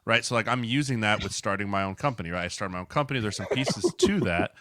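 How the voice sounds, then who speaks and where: A former football lineman co-hosting a podcast, telling animated stories in casual chat and acting out the quotes. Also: fairly low pitch, fast, dry recording, clean studio sound. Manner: animated storyteller, acts out quotes.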